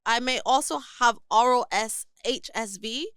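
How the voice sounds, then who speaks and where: A young woman on a podcast, reading a listener's email aloud in an earnest, measured way. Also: fairly high pitch, fairly bright tone, clear, resonant tone, dry recording, clean studio sound. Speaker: podcast co-host.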